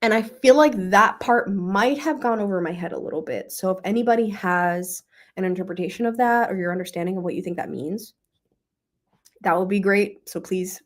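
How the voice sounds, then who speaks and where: A young woman hosting a book club, talking casually and emotionally about a novel, with many fillers and pauses to think. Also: mid-range voice. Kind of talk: casual book review livestream.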